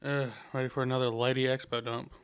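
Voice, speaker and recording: A man's voice: medium pitch, little pitch movement, fast, clear, resonant tone. A man giving casual gameplay commentary as a streamer, chatty and self-deprecating, with muttered asides.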